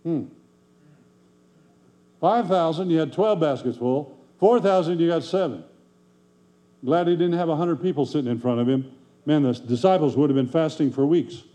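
A man's voice: a little high, moderate pace, long pauses, mellow. A man preaching a sermon in a folksy, conversational way, full of rhetorical questions to the congregation. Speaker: pastor.

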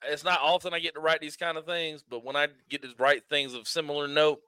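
A man's voice: a little high, little pitch movement, fairly quick, sharp tone, smooth, dry recording. A man, a podcast co-host who talks slangy and keeps saying "bro". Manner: slangy, says "bro" a lot. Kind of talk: casual podcast chat.

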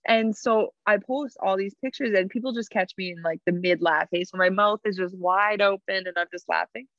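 A woman's voice: mid-range voice, moderate pace, fairly bright tone, no room sound, highs cut off. A woman co-hosting a podcast, telling stories in a giggly, casual chat. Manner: giggly storyteller. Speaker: podcast co-host.

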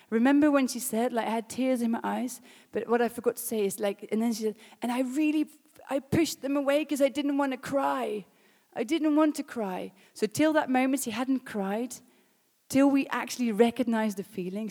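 A woman sharing a personal faith story as a sermon, storytelling warmly and often dropping to a hushed whisper. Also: fairly high pitch, long reverb tail. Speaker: speaker leading a faith session. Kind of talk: personal testimony and preaching.

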